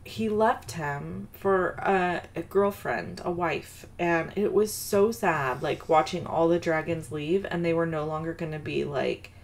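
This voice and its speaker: Casual low-voiced woman host, talks through her crafting while telling family stories. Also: unhurried, few pauses. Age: adult mother of a daughter. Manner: rambling and self-deprecating, with fillers and asides. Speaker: card-making video host. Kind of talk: chatty crafting tutorial with personal story.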